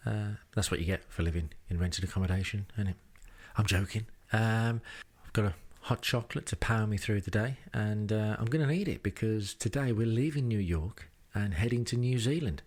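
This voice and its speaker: A man hosting a podcast, narrating a travel diary in a dry, self-deprecating way with wry asides. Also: on the low side. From England. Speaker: podcast host. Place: rented home.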